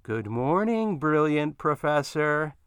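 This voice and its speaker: A man's voice: a little high, very animated, takes it slowly, clean tone, no room sound, studio quality, voice pushed up. A man doing a cooing flirtatious neighbor woman. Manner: cooing, syrupy.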